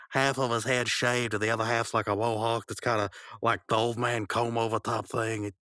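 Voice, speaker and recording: Podcast host guy, bright voice, rambles and teases his cohost, dry sound. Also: medium pitch, no room sound. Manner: teasing, rambling, acts out lines. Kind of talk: casual recap chat.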